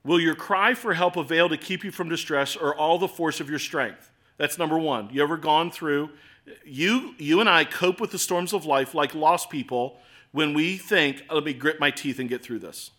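A man in his forties preaching a sermon in a conversational, self-deprecating way, with swings between loud and soft. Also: fairly high pitch, normal speed. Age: 40s. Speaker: pastor.

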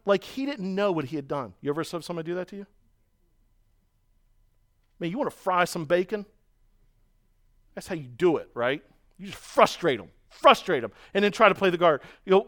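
High-voiced pastor preaching. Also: male voice, normal speed. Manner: storytelling, animated, mimics voices in quotes. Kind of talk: sermon.

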